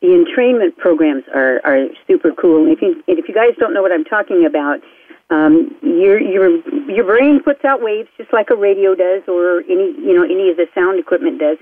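A woman hosting a talk show, speaking fast and eagerly. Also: fairly low pitch, expressive, no room sound. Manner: fast-talking and enthusiastic. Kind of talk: casual talk-radio chat. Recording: tinny phone line, dry.

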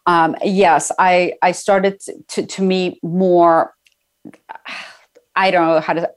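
A woman's voice: fairly low pitch, level tone, takes it slowly. A middle-aged woman, a guest in an interview, telling a personal story in a chatty way, with many fillers and frequent laughs.

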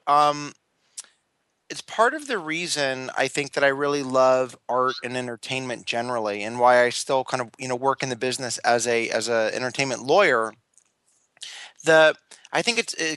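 A man's voice: medium pitch, fairly bright tone, clear, resonant tone, no room sound. A man in his forties with an American accent, a guest in an interview on a remote line, talking in a wry, joking, self-deprecating way. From Los Angeles, USA. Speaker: guest, entertainment lawyer. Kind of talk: casual interview.

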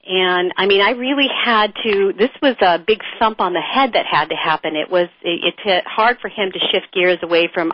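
A middle-aged woman guest telling frank stories in a lively conversational interview. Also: lowish voice, no echo. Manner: animated storyteller, frank and chatty. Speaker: author and guest. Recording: dull dry lo-fi sound.

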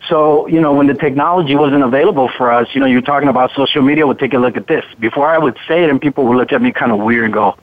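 A man's voice: medium pitch, racing, hardly any pauses. A man speaking as a body language expert on a radio show, talking confidently and emphatically over a phone line. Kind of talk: conversational radio interview.

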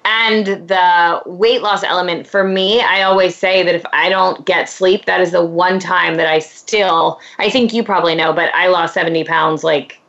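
A woman hosting a casual interview, chatty and quick to laugh. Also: lowish voice, fairly even intonation, fairly bright tone. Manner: chatty, with frequent laughs and fillers. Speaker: host. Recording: dull lo-fi sound.

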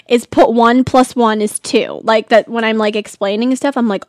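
A woman's voice: a little high, brisk, hardly any pauses, no echo, studio quality. A teenage girl from California hosting a casual solo chat show, bubbly and rambling with lots of giggles and "like". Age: teens. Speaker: host.

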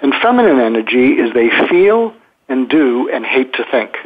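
Older man, psychiatrist guest, husky voice, tinny phone line, rambling, lots of fillers. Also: mid-range voice, big pitch swings, moderate pace. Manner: rambling, with frequent "uh" fillers and restarts. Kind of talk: casual explanatory interview talk.

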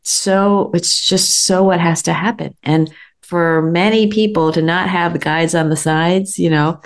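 A woman's voice: fairly low pitch, fairly even intonation, a little slow. A woman hosting a podcast, reflecting thoughtfully on her guest's story and searching for words as she goes. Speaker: podcast host. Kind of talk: reflective interview chat.

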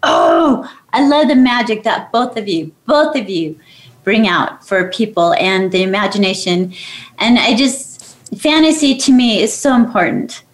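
A woman host of a radio talk show gushes over her guests and signs off with affirmations. Her voice is mid-pitched and keeps an eager, affirming tone. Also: lively intonation, measured pace. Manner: gushing, affirming. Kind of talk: enthusiastic chat and sign-off.

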